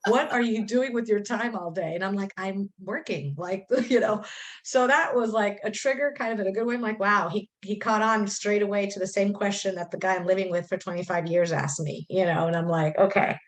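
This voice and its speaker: A woman's voice: medium pitch, brisk. A middle-aged woman on a video call, chatting emotionally and at length about her coaching journey, often acting out what she and others said. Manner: talkative, animated, quotes herself and others. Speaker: coaching student sharing her story.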